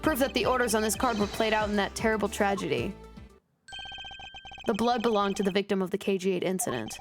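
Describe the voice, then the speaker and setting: Woman reading a cool-headed prosecutor guy, formal, measured, game music behind. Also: mid-range voice, lightly acted. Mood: confident. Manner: measured, formal courtroom delivery. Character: composed confident male prosecutor.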